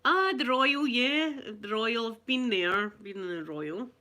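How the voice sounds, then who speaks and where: A woman's voice: fairly high pitch, animated, a little slow, pushed and bright. A Glaswegian woman hosting a casual live chat, chatty and rambling, laughing often. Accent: Glaswegian Scottish. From Glasgow, Scotland.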